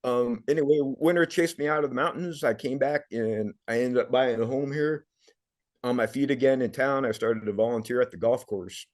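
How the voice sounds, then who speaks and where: Middle-aged male guest, earnest and emotional, mid-pitched, stumbles and repeats himself. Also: normal speed, darkish tone. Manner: earnest, repeats words often, gets emotional. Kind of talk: emotional personal storytelling.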